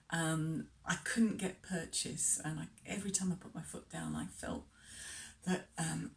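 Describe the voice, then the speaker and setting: Lowish woman vlogger, off-mic. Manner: hesitant, many ums, chatty asides. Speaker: travel vlogger. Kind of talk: casual talk to camera. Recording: distant mic.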